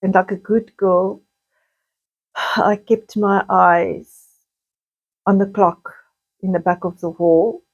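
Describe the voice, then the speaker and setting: A middle-aged woman, slowly recounting painful childhood memories in a halting personal monologue. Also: mid-range voice, fairly even intonation, husky, dull audio. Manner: slow, halting, with frequent restarts and pauses.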